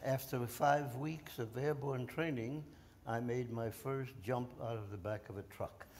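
A man in his nineties, a war veteran guest, telling his story haltingly with many fillers and restarts. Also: mid-range voice, steady tone, a little mellow, a little hiss or hum. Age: 90s. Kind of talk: storytelling interview. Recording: long reverb of a hall.

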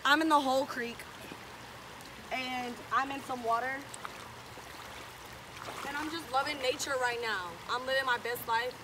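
A woman's voice: high-pitched, steady tone, a little slow, long pauses, noisy background. A young woman chatting casually and swearing freely while vlogging on a phone outdoors. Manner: laid-back, swears often, slangy. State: out of breath. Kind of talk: casual vlog chat. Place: outdoors by a creek.

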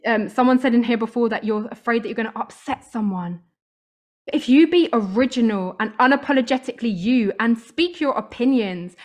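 A young woman leads a motivational talk in a slightly high voice. She sounds upbeat and emphatic and drives each point home by repeating its key word. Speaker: voice coach. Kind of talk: motivational talk to a live audience.

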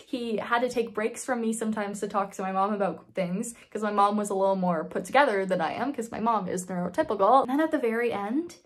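A woman's voice: mid-range voice, fast, few pauses. A woman in her twenties telling a personal story casually, candid and swearing freely. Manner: candid, swears freely, acts out quoted voices. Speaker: vlogger.

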